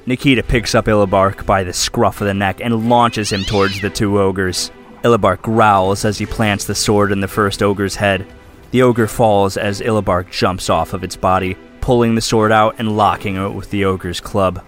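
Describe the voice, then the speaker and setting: A man's voice: fairly low pitch, fairly even intonation, moderate pace, a bit bright, soft background music. A man running a tabletop game as game master, narrating the scene in vivid detail. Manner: vivid descriptive storytelling.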